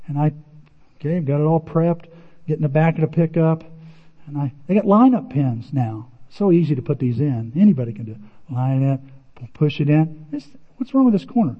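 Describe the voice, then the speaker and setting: Animated man preaching in a hall. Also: fairly high pitch, fairly quick, slightly rough. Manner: animated, self-mocking, acts out his own reactions. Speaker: preacher telling a personal story. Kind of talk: storytelling sermon. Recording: dull, echoey large hall.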